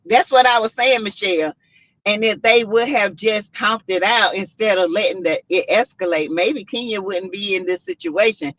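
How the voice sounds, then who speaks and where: A woman hosting a casual commentary stream, reading out chat comments and making her points with animated, repetitive emphasis. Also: mid-range voice, normal speed, dry recording. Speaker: host. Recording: dull lo-fi sound.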